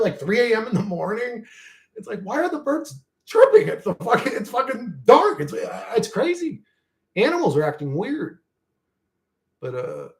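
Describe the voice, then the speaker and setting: Excitable, foul-mouthed man with a high voice. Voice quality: heavy swearing, rambling storytelling. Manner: excitable, rising and falling in bursts. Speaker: channel host. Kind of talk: casual rambling chat.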